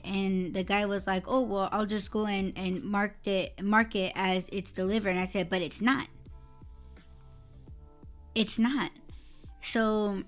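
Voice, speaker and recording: A woman co-hosting a casual podcast, telling a story in a heated, profane way and breaking into laughter. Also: mid-range voice. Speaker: podcast co-host.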